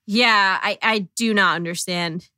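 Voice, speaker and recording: A young woman guesting on a podcast, trading wry hot takes and laughing easily. Her voice is bright and close, recorded in a dead, dry space. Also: mid-range voice, measured pace, clean tone, no echo. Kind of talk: casual chat.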